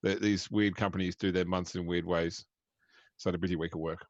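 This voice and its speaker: An Australian man chatting casually as game master, rambling with halting restarts. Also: low-pitched, little pitch movement, no room sound. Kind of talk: casual chat. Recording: dull, dry lo-fi mic.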